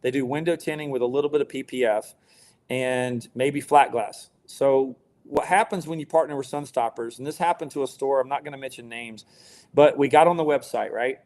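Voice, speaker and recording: A man's voice: medium pitch, a little fast, darkish tone. A man talking as a podcast guest about his business, blunt and emphatic, swearing freely. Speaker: guest, window tint business owner. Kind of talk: casual podcast interview.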